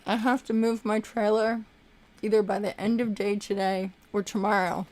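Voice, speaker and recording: A woman's voice: medium pitch, level tone, moderate pace, darkish tone. A young woman hosting a casual livestream, chatting and effusively thanking viewers for their super chats.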